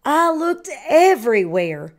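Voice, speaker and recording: A storybook farmer calls around the barn in a lilting, raised voice, as a woman reading aloud puts him on. The calls rise high and carry. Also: sing-song, slow pace, full character voice. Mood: puzzled. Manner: sing-song calling. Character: farmer calling for his hiding turkey.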